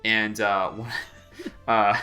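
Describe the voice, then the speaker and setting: A man narrating as game master of a tabletop game, casual and halting, with frequent ums. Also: fairly low pitch, flat delivery, pushed and bright, soft background music.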